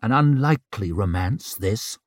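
A man's voice: on the low side, animated, measured pace, no echo, clean studio sound. A man voicing a bitter, maimed young noble who sneers and snaps. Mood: sneering. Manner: sneering, snapping.

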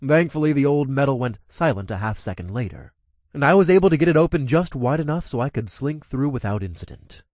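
A man's voice: mid-range voice, lively intonation, fairly quick, a little mellow, no room sound, studio quality. A man narrating a first-person story in a casual manner with crude asides.

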